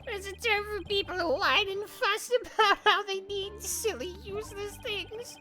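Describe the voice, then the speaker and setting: A woman's voice: extremely high pitch, fairly even intonation, normal speed, music in the background, pitched above the performer's own voice. Woman putting on a sneering cocky samurai prosecutor. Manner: haughty, mocking.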